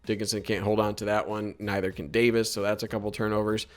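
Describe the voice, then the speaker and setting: A man with a lowish voice talks through game film in an easygoing, conversational way and stops often to question the calls. Faint music plays under his commentary. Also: level tone, fast talker. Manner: conversational, critical of officiating, many fillers. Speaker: sports analyst breaking down game film. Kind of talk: casual video commentary.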